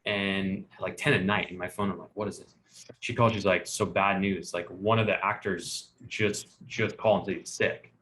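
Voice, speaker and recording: A man hosting a casual podcast, telling a long story with lots of life and acting out the other people's lines himself. His pitch sits in a middle range and moves around. He talks the way you would with a friend. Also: moderate pace, a little hiss or hum. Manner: animated storyteller acting out quotes. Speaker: podcast host.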